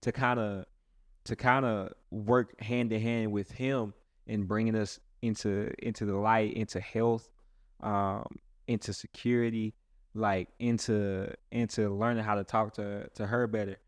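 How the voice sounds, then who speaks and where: Low-voiced man chatting in a rambling way. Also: level tone, a little slow, no room sound, studio quality. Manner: rambling, many restarts and "like"s. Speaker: pastor and host. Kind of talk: casual chat.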